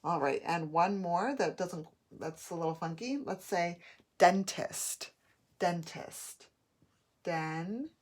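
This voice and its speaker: A woman teacher giving a patient phonics lesson, modeling each word slowly and clearly. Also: lowish voice. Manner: slow, patient, drawn-out modeling of words.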